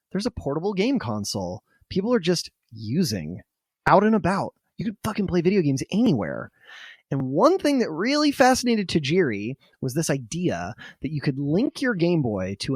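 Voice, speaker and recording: Animated, lively-voiced male podcast storyteller. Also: a little high, husky, no room sound, clean studio sound. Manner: animated, swears casually, lots of "like" and "right?".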